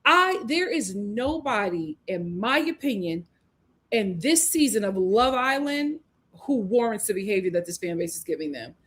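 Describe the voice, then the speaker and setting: A woman's voice: medium pitch, very animated, moderate pace, fairly bright tone, husky. A woman hosting a live recap show, talking emphatically and reading out viewers' comments as she gives her opinions. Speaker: host.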